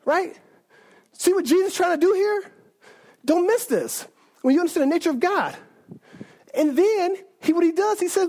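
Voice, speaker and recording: A high-voiced preacher gives an informal, animated sermon. The delivery is conversational, with frequent check-ins asking the audience to agree and plenty of restarts and self-corrections. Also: normal speed, pauses often.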